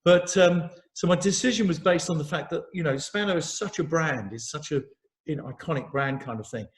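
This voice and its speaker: Singer guest, middle-aged man, chatty and self-mocking, voice sits a touch high. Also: fairly quick. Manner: chatty, self-mocking, repeats words, laughs easily. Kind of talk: casual chat.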